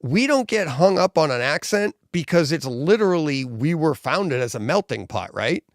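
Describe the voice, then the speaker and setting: Gravelly American man, rambling host. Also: a little high, sing-song, moderate pace, no echo, studio quality. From United States. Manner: rambling, with frequent restarts. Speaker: podcast host. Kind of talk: casual live-stream chat.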